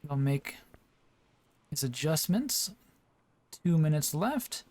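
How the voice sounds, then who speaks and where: A male commentator calls an online geography game in a relaxed, chatty way, with plenty of small fillers. His voice sits a little higher than usual. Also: takes it slowly. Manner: easygoing, chatty, with frequent fillers. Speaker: esports commentator. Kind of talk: play-by-play commentary.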